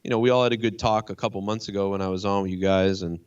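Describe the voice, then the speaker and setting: A man, a comedian, chatting casually as a guest, rambling and swearing as he tells a story excitedly. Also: on the low side, rapid-fire, clean tone, lo-fi sound. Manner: profane, rambling, excitable ranting. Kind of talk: casual chat.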